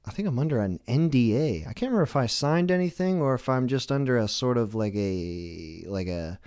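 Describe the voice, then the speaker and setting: A man's voice: mid-range voice, expressive, brisk, darkish tone, smooth, no echo, clean studio sound. A man hosting a live stream, rambling through a self-deprecating comedic monologue full of restarts. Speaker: livestream show host.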